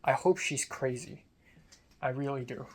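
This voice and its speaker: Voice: mid-range voice, unhurried, a little mellow, a little hiss or hum. A young film student rambles through a casual video diary. The talk is self-deprecating and loose, with casual swearing mixed in. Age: young adult.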